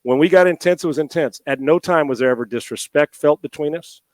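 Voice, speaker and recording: A man's voice: a little high, a little fast, dry recording. Emotional man with a dry close sound. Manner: heartfelt, repetitive restarts. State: emotional, near tears. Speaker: guest, former NFL quarterback and radio host. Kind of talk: emotional interview talk.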